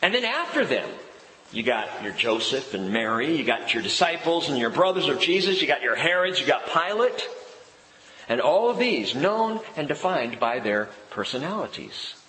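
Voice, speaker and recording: Male pastor, sermon, lively swooping delivery, slightly high voice, echoey church with long reverb. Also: moderate pace, a little hiss or hum. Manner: animated preaching, drops low and soft for emphasis.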